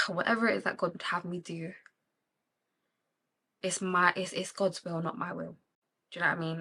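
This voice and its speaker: A woman's voice: fairly low pitch, sharp tone. A young woman with a British accent chatting candidly while doing her makeup, talking with emotion about faith and living with intention. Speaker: beauty vlogger.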